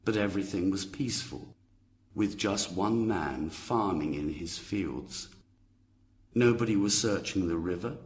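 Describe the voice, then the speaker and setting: Deep-voiced man narrating a story. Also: measured pace, slight background noise. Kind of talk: audiobook story narration for learners.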